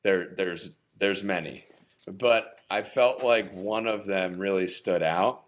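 Male actor, thirties, from New Jersey; low-pitched, easygoing storyteller. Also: slow pace. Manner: upbeat, chatty storyteller with fillers. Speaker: actor, podcast guest. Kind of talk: casual interview storytelling.

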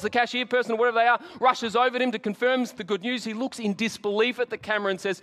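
A high-pitched Australian man preaching with animated, joking storytelling. His voice rings out with a long reverb from a church hall. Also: fast. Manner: animated storyteller, jokey asides. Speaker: pastor. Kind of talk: Easter sermon.

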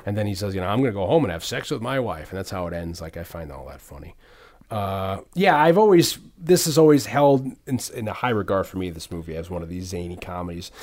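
A man's voice: sits low, a little fast, a little mellow. A middle-aged man hosting a podcast, chatting casually about movies, rambling with many restarts and fillers. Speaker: podcast host.

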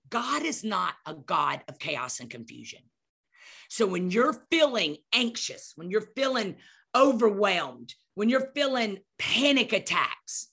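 A woman's voice: mid-range voice, gravelly, a bit bright, slightly rough. A middle-aged woman telling a story with emphatic, preacherly energy, acting out scenes as she goes. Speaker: podcast guest speaker. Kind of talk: animated storytelling.

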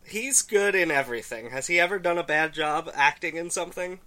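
Man, podcast co-host, crisp bright tone, easygoing, chuckles. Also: a little high, a little fast. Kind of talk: casual chat.

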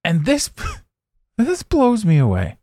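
A man's voice: high-pitched, wildly swooping pitch, slow, dark tone, dry recording, studio quality. A man hosting a podcast, talking bluntly in a casual motivational monologue and swearing freely. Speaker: podcast host and life coach.

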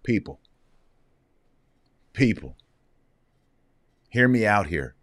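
A man's voice: lowish voice, big pitch swings, extremely slow, a bit bright, no echo. A man giving heated, preachy opinion commentary, fiery and sarcastic.

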